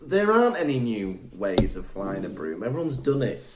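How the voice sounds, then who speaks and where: A man's voice: fairly low pitch, normal speed, reverberant, background noise. A man co-hosting a podcast, chatting casually and laughing a lot. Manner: giggly, jokey, animated. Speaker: podcast co-host. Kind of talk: casual chat.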